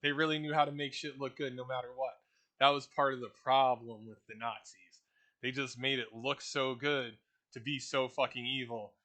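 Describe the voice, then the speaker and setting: A man's voice: medium pitch, fairly even intonation, moderate pace, bright, forceful tone. A man giving a profane, rambling, casual explanation of a role-play setting.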